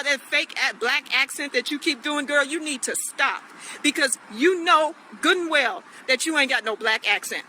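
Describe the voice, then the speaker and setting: Very high, bright-voiced man ranting. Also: slight background noise, poor audio. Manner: blunt, scolding, repetitive. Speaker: political commentator. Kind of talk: direct-to-camera rant.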